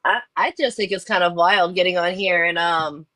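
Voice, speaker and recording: A woman's voice: on the low side, normal speed, fairly bright tone, dry recording. Sarcastic woman guest, dry sound. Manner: indignant, sarcastic, laughing. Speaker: live stream guest. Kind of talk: casual chat.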